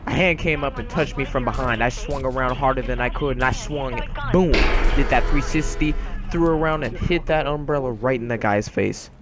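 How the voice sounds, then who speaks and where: A man's voice: medium pitch, normal speed, music in the background. A man telling a dramatic story in a casual, slangy way, with comic asides. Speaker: gaming YouTuber.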